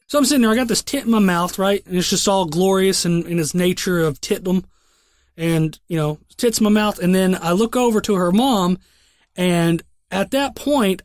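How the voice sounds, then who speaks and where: A man's voice: high-pitched, normal speed, dry recording, clean studio sound. A young man hosting a podcast, telling a long story in a casual, rambling way full of profanity and restarts. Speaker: podcast host.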